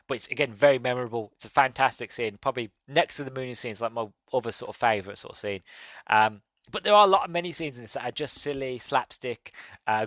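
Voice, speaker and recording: In a dry recording, a podcast host with a medium-pitched, slightly bright voice reviews a film casually. His monologue is rambling and eager, full of filler words.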